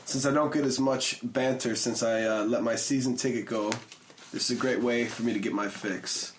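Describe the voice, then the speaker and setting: A man's voice: mid-range voice, fairly even intonation, moderate pace, a little hiss or hum. A man on a casual football podcast, reading a listener's email aloud. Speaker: podcast co-host.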